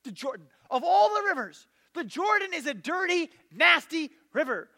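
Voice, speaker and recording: A man's voice: sits high, huge pitch swings, moderate pace, breathy edge, heavily acted. A man ranting as a furious proud general. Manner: shouting, indignant ranting. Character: proud angry foreign army general, man.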